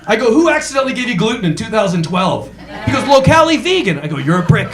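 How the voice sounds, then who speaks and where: On a club stage, a man rants through his stand-up punchlines and imitates his friends' voices, speaking fast in a high, sing-song tone. The room is echoey, with crowd noise in the background.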